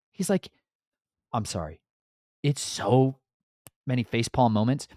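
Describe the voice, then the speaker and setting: A man giving a casual Bible teaching in an animated, slangy, exasperated storytelling way. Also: medium pitch, measured pace, long pauses, dry recording, studio quality.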